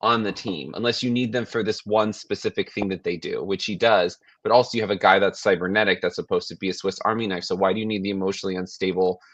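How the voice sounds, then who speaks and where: A man co-hosting a podcast in casual chat, rambling and animated, often restarting sentences and swearing. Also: sits low, quick pace, hardly any pauses, no room sound, lo-fi sound. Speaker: podcast co-host.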